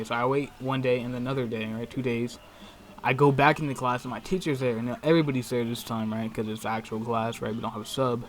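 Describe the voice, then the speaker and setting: A man's voice: mid-range voice, a bit bright, slight background noise. A man telling a story casually, swearing a lot and full of slang and tag questions. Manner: profane, slangy, constant "right?" and "bro".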